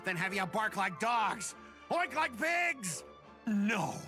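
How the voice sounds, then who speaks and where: Game bit: high-voiced scheming office flunky, wild swoopy delivery, rants and yells. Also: male voice, sing-song, slow pace, faint music behind, full character voice. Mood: gloating. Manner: blustering, gloating, prone to yelling rants. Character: pompous, scheming male corporate lackey, bitter and boastful. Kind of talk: game voice acting.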